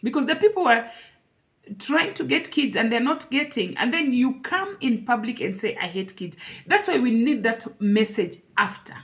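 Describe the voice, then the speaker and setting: A woman's voice: on the high side, sing-song, normal speed, fairly bright tone. A woman speaking to camera in an emotional personal vlog, earnest and repeating phrases for emphasis. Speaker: vlogger.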